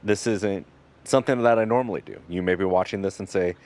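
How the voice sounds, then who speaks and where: A man with a very low voice talks through his butchering in an easygoing, instructional way. He keeps it loose and jokey, with plenty of fillers. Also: a little fast. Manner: relaxed and joking, with fillers. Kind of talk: casual instructional narration.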